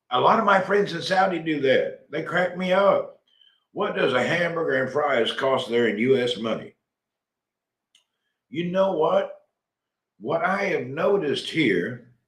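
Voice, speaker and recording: Man in his middle years, folksy livestream host, loose rambling delivery, roomy sound. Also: mid-range voice. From Tennessee, USA. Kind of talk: casual live chat reading comments.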